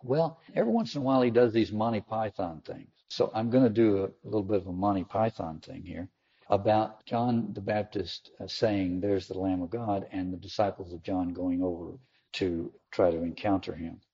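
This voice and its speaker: Gravelly low-voiced man giving a sermon. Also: normal speed, dark tone. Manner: acts out quoted lines with sudden high pitch. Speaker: Catholic teacher or preacher. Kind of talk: reflective sermon-style talk. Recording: dull lo-fi recording.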